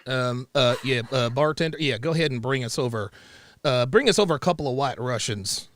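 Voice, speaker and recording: A man's voice: mid-range voice, expressive, a little fast, a bit bright, dry recording, studio quality, lightly acted. A man playing a pushy southern guy on a date. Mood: prying. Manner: prying, roundabout questions. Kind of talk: comedic role-play.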